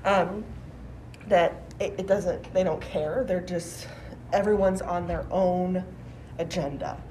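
A woman in her forties, a teacher, answering interview questions in a thoughtful, measured way with restarts. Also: lowish voice, steady tone, darkish tone, a little hiss or hum, rough recording. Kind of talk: conversational podcast interview.

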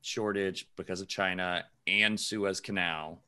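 A man's voice: low voice, steady tone, a little slow, bright, forceful tone, clean tone. A man co-hosting a podcast in casual chat, rambling with lots of fillers and frequent laughs. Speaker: podcast co-host.

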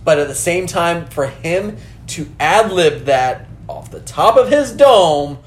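A man's voice: on the high side, lively intonation, takes it slowly, reverberant, a little hiss or hum. Rambling man with a raised voice. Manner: rambling, swears freely, acts out characters. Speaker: podcast co-host. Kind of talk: casual chat about a film.

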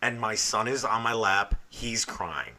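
A man's voice: fairly low pitch, lively intonation, unhurried, pushed and bright. A man in his thirties co-hosting a podcast, telling stories in a joking, profane, casual way. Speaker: podcast co-host. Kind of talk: casual chat.

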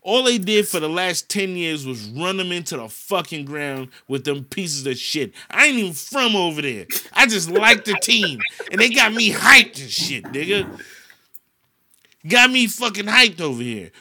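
A man from the States rants in an animated, profanity-heavy way during a casual chat. His voice sits a little high and is very bright and sharp, carried with loud energy. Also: normal speed. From United States. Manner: animated ranting, heavy cursing.

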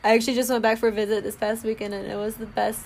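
A young woman from Ohio chatting casually as a podcast co-host. She talks in a slightly high voice, jokes constantly and laughs between lines. A faint background hiss sits under her voice. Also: level tone, rapid-fire, creaky, darkish tone. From Toledo, Ohio, US. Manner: joking and giggly, slips into playful put-on voices. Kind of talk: casual chat.

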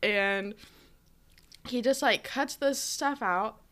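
A woman's voice: on the high side, slow, a bit bright. A woman in her twenties from the United States, a teacher, telling a rambling story in casual chat with lots of fillers. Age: 20s.

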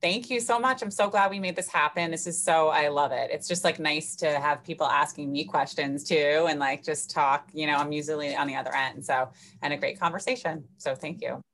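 A woman's voice: deep voice, a little fast, hardly any pauses, fairly bright tone, a little hiss or hum. A woman coach, a podcast guest, chatting casually and affectionately. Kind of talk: casual interview chat.

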